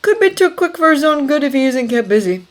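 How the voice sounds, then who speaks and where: A woman reading a story aloud, voicing a loyal, measured male army corporal who speaks plainly. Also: high voice, big pitch swings, voice pushed up. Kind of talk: audiobook character voice.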